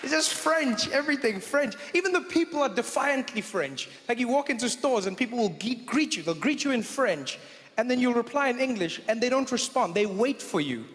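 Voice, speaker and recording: A man performing stand-up on a stage, talking in a wry manner that keeps halting and restarting with asides. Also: extremely high pitch, lively intonation, fairly bright tone. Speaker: stand-up comedian. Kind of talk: stand-up comedy set. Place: comedy stage in a large venue. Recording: reverberant hall, faint ambience.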